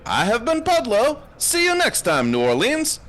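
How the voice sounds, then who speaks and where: An actor playing a cheerful travel show host, speaking broken English. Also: male voice, very high-pitched, huge pitch swings, moderate pace, a bit bright, full character voice. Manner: broken English, upbeat announcer.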